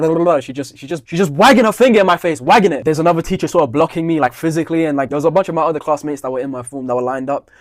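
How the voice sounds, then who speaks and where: A man's voice: fairly high pitch, rapid-fire, few pauses, no room sound, studio quality. A young adult man, telling a profane, heated story in a blunt monologue. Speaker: vlogger.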